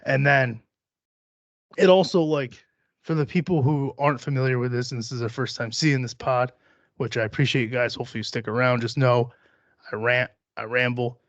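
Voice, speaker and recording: A man's voice: mid-range voice, fairly even intonation, normal speed, no echo, lo-fi sound. A young man hosting a solo podcast, rambling and joking with plenty of profanity. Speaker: podcast host.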